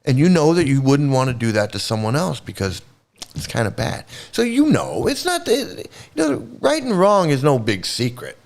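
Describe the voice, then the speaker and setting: Angry ranting man, lively pitch. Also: moderate pace, vocal fry. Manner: angry, sarcastic, heavy swearing. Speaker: host. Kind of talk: profane ranting livestream commentary.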